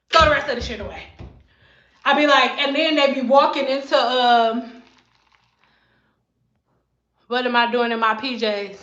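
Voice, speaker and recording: Sassy, bright-voiced woman in her thirties. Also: sits high, moderate pace, pauses often, reverberant, dull audio. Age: 30s. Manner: sassy, blunt, acts out client exchanges. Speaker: hairstylist vlogger. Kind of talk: casual vlog rant. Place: bathroom at home.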